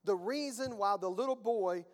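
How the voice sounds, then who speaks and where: A man's voice: high voice, moderate pace, long reverb tail. A male pastor preaching a sermon in a conversational, emphatic way, with rhetorical questions and folksy phrasing.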